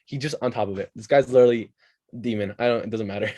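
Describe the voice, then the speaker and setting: A young man from Canada, a podcast guest chatting casually and telling animated stories with quick asides. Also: medium pitch, no room sound. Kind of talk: casual chat.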